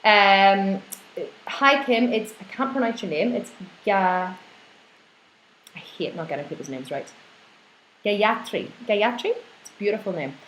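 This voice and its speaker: Woman coach, mid-pitched, animated ranting delivery, live Q&A, roomy echo with faint ambience. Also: slow, long pauses, slight background noise. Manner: animated, ranting, reads out viewer questions. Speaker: fitness and nutrition coach. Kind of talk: live online Q&A.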